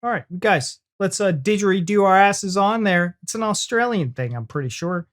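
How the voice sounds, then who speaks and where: A man's voice: high-pitched, animated, moderate pace. An American man hosting a reaction video, chatting casually and joking with his co-host. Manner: playful, jokey banter.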